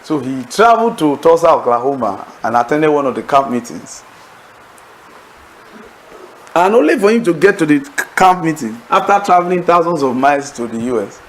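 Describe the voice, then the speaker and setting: A man preaching to a Bible study class, telling stories in an animated way, acting out laughter and asking the audience leading questions. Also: fairly high pitch, brisk, few pauses, rough recording. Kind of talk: sermon-style teaching to a congregation.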